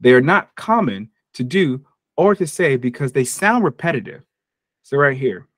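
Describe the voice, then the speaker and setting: An American man teaching English online, easygoing and playful, now and then slipping into short acted-out exchanges to show how words are used. His voice sits in a middle pitch, and the recording is close and dry with no room sound. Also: no echo. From United States. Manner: casual and jokey, acts out short example dialogues.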